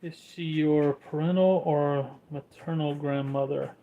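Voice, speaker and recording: A man's voice: a little high, steady tone, unhurried, mellow, rough recording. A man chatting casually at home, easygoing with dry humor. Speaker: homesteading vlogger. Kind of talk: casual chat.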